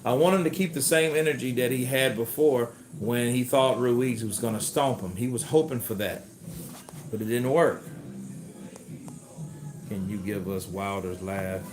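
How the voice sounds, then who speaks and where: A man hosting a livestream of boxing commentary, talking in an animated, profane and excitable way. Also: medium pitch, unhurried, over music. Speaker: host. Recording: roomy echo.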